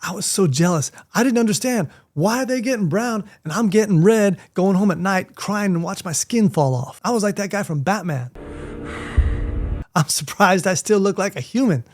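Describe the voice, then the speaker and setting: Florida-raised man, fifties, animated joking vlog storyteller, slightly higher voice. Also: normal speed. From Miami, Florida, USA. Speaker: martial arts teacher and vlogger. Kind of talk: casual storytelling to camera.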